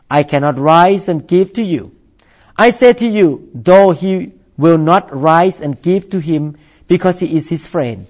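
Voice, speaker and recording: Slow-preaching man, dull lo-fi sound. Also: fairly high pitch, darkish tone. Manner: slow deliberate preaching, repeats for emphasis. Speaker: pastor. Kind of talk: sermon.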